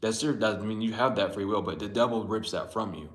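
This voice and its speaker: A fast-talking man with a lowish voice delivers a casual spiritual tarot reading. His style is blunt and rambling, with frequent cursing, and the recording carries a roomy echo.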